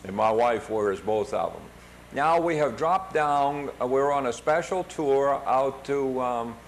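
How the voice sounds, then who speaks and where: An older American man talks through his vacation pictures in an easy, rambling way, pausing often to find his words. His voice sits at a middling pitch. A faint hiss of noise runs under the recording. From United States. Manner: hesitant, many fillers and restarts. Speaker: travel show host narrating photos. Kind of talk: casual narration over travel photos.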